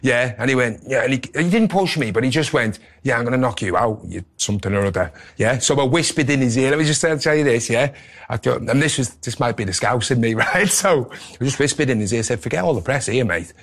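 A middle-aged man, a former boxer telling animated anecdotes in a casual interview. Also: medium pitch, fairly quick. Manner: animated anecdotes, quotes people in character voices.

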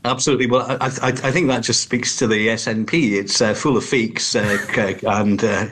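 A Scottish politician, a man, giving disparaging, halting answers as a guest on a talk show. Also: fairly low pitch, fairly even intonation, a bit bright, breathy edge. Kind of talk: remote talk show interview.

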